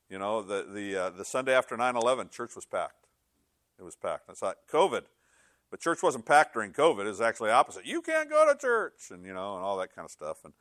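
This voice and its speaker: A man's voice: mid-range voice, a bit bright, dry recording, clean studio sound. A man preaching an informal sermon as pastor, rambling and joking, with frequent restarts. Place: church service.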